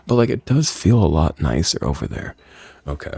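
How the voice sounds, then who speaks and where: A man's voice: low voice, animated, quick pace, a little mellow. A man giving playful, casual commentary over a video game, joking and swearing freely. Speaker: gaming video creator. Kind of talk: casual let's-play commentary.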